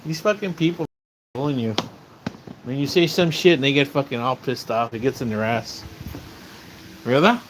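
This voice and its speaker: A man's voice: mid-range voice, moderate pace, pauses often, a little hiss or hum. Rambling man streaming outdoors. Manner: rambling, repeats words, swears when riled. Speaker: live streamer. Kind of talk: casual live stream chat. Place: outdoors near his house.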